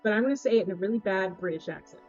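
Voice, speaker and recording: A woman streaming live, gushing and thanking her chat in casual, excitable talk. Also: mid-range voice, racing, muffled recording, soft background music. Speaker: Twitch cooking streamer.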